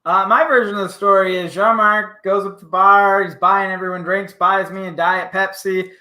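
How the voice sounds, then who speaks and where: A man with a bright, sharp voice hosts a loose podcast chat, telling his story with plenty of swearing and acting out each person's lines. His voice rings with the echo of a bare room. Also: high voice, moderate pace. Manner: animated, profane storytelling with acted-out quotes. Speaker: podcast host. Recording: echoey room.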